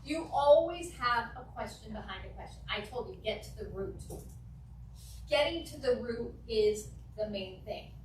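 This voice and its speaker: A fairly high-voiced woman leads a real estate training class, jumping into little acted-out client exchanges as she goes. She is picked up from across an echoey room, with a faint hum of room noise behind her. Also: moderate pace, recorded from a distance. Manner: animated, acts out client dialogues.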